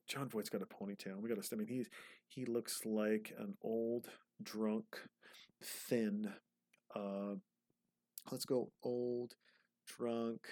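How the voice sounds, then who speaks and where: Low-voiced rambling man, dry sound. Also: darkish tone, no echo. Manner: rambling, profane, digressive. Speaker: movie commentary host. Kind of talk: casual movie watch-along commentary.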